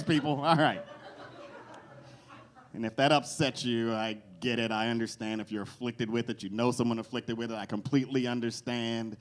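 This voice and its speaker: A man doing a stand-up comedy set in a cafe, animated, jumping into loud character voices. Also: medium pitch, brisk. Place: cafe stage with live audience.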